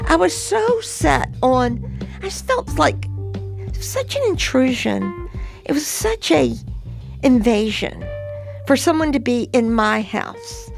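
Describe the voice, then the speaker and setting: An older woman recounting a frightening day from her past in a conversational, animated way, her voice climbing high when she relives yelling at intruders. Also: slow, gravelly, faint music behind. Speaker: interviewee telling her story. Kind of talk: conversational storytelling.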